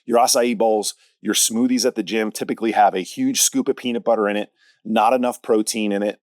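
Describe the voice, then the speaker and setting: A man's voice: lowish voice, steady tone, a little fast, a little mellow, no echo, clean studio sound. A man hosting a podcast as a fitness coach, talking directly and punchily in a casual solo monologue, often checking in with "all right?".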